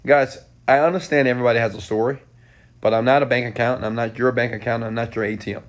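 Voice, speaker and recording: Animated man from Houston on a live Q&A. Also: mid-range voice, fast. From Houston, Texas. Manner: animated, talks straight to viewers with frequent "okay?". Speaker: entrepreneur answering live chat questions. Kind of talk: casual live-stream Q&A.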